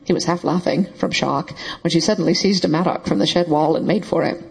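Breathy, husky male audiobook narrator. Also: fairly high pitch, fairly quick, poor audio. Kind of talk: scripted narration.

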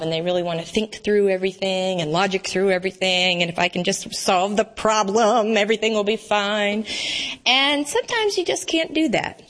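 A woman's voice: mid-range voice, a bit bright. A woman author reading from her novel and then chatting with a bookstore audience, laughing often and restarting her sentences. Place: bookstore event.

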